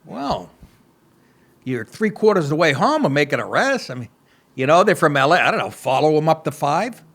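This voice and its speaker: A man's voice: fairly high pitch, big pitch swings, normal speed, fairly bright tone. A middle-aged man hosting a comedy podcast, reading news stories aloud and breaking off into profane, sarcastic asides.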